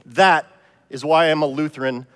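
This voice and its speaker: A man from Ohio preaches in a casual, self-deprecating way, telling stories as he goes. His voice sits high for a man, and the long reverb of a church sanctuary trails after each phrase. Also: steady tone, normal speed, a bit bright, smooth. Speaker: pastor. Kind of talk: sermon.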